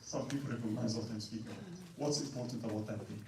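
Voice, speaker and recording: A man giving an animated religious history lecture, acting out quotes and asking "right?". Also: medium pitch, fast. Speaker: Islamic lecturer. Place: large mosque hall. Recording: echoey hall, distant mic, faint noise.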